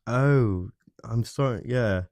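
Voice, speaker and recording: A man hosting a livestream, chatting casually with viewers in a hesitant, soft-spoken way and often repeating his words. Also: mid-range voice, takes it slowly, no echo. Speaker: livestream host. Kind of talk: casual chat with live viewers.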